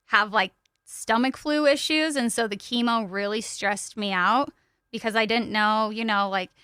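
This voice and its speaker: Podcast guest, woman, open and chatty storyteller, crisp and resonant tone, dead-dry studio sound. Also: a little high, sharp tone, no echo. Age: young adult to middle-aged. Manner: open and chatty, frequent "like" fillers. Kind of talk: candid personal storytelling.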